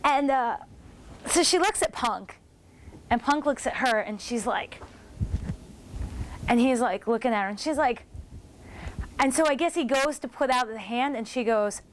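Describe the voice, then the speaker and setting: A woman in her forties telling casual stories about her wrestling career, animated and acting out what others said. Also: fairly high pitch, normal speed, pauses often, slight background noise. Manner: animated, acts out others' lines in quotes. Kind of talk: casual storytelling commentary.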